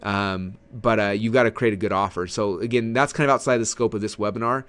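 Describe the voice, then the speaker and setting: A man teaching marketing in a casual, energetic way, swinging his voice up and down, with many fillers and repeated words. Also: brisk, smooth. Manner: energetic, animated, swings pitch up and down. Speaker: webinar trainer.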